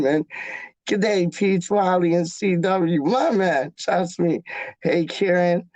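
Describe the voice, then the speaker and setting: A man hosting a live stream, chatting casually with his viewers in an animated, jokey way full of slang. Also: sits high, takes it slowly, no echo, low-quality recording. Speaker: livestream host reading chat. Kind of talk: casual chat.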